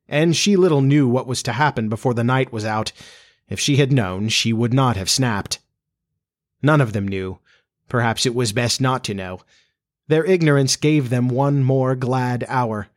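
A man's voice: medium pitch, measured pace. Man reading a storybook aloud. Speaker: podcast host and narrator.

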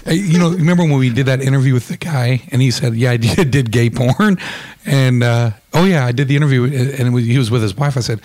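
A man's voice: medium pitch, brisk, a little mellow. A man co-hosting a podcast who trades crude jokes and insults with his co-hosts. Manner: combative, joking, profane. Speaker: podcast co-host. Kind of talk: crude casual banter.

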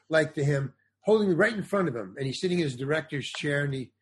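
Slightly high and with a breathy edge, an older man's voice carries a show business story during a podcast interview. A comedian and actor, he tells the anecdote with animation, imitating the other people's voices.

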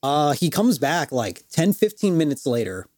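A man co-hosting a podcast, telling a story in a casual, animated way and laughing often. His pitch moves a lot, and the close mic gives a dry, roomless sound. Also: normal speed, dry recording. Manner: animated, laughing, full of fillers. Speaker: podcast co-host.

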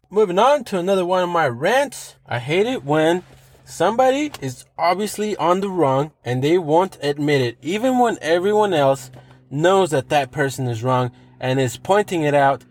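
A man with a somewhat high voice rants alone, with plenty of swearing. He drives each point home by repeating it. The sound is close and dry, with no room around it. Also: expressive, normal speed, dry recording. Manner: profane, emphatic, repeats himself for effect. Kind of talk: solo rant monologue.

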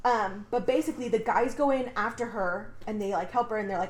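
A woman's voice: mid-range voice, fast talker, few pauses, a little hiss or hum. A young woman co-hosting a podcast, recapping a book in a casual, chatty way, swearing freely and saying "like" a lot. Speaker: podcast co-host. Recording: echoey room.

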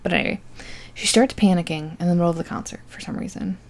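A young woman with a low, gravelly voice rambles quickly through a movie recap. She's sarcastic and loose, mocking the plot and padding pauses with likes and ums.

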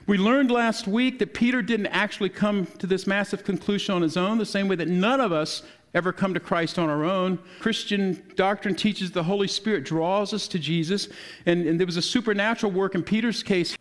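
A man's voice: high-pitched, a little fast. A man preaching a conversational sermon, explaining scripture in an easygoing teaching manner with frequent restarts.

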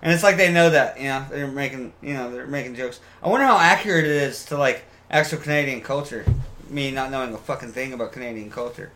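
A man's voice: mid-range voice, a bit bright, slight background noise. A man who has been drinking chatting casually, rambling and swearing, stopping and restarting often. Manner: rambling, profane, halting with fillers. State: tipsy from beer. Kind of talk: casual chat.

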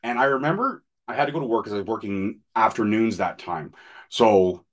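A man's voice: fairly low pitch, expressive, brisk. A man in his thirties, a podcast co-host, telling personal stories in candid, profane, casual chat. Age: 30s.

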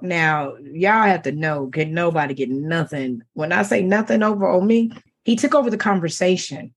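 A middle-aged woman co-hosting a talk show, telling a dating story in casual chat, animated and laughing as she quotes the men. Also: fairly low pitch, moderate pace, slightly rough.

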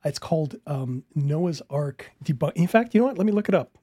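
A man's voice: fairly high pitch, animated, fairly quick, warm tone, husky, no room sound, clean studio sound. A man commenting casually on a video he is watching, interrupting it with incredulous, laughing rebuttals.

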